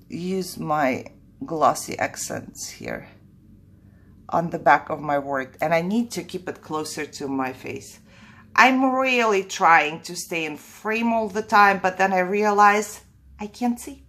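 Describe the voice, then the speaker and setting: A middle-aged woman talks through a home craft tutorial in a slow, unhurried way. Her voice is a little breathy and husky, and she chats casually, laughs often and second-guesses herself. She sounds like she's at her craft table, talking to a camera mic. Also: fairly low pitch, expressive, fairly bright tone. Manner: chatty, self-doubting, laughs often. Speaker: crafting channel host.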